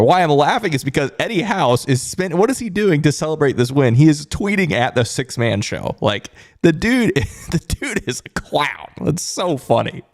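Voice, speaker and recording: A man hosting a fan podcast's postgame live stream, chatty and amused, reading and answering viewer comments. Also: mid-range voice. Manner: laughing, animated, talks straight to chat. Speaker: podcast host and producer.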